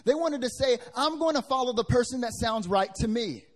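Preaching a sermon to the congregation in a church hall, a young pastor speaks from the pulpit in a fairly high voice at a fairly quick pace. His delivery is lively, ranging wide in pitch and loudness as he alternates loud bursts with soft asides, and he drops into casual slang.

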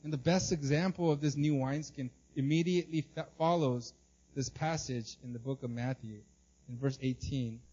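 A male pastor preaching an animated sermon, acting out the people in the story and often repeating and restarting his words. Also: medium pitch, moderate pace, slightly rough, highs cut off.

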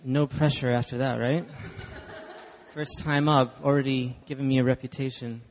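A man's voice: medium pitch, level tone, normal speed, slight background noise. A man from Texas, preaching a sermon as guest speaker, chatty and emphatic with the congregation. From Dallas, Texas. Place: church hall. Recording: long hall reverb.

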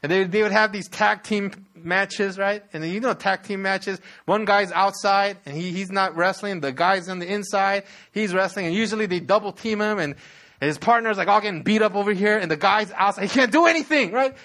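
High-voiced animated male preacher. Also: fairly quick. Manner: animated storytelling, addresses audience with rhetorical questions. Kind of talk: sermon.

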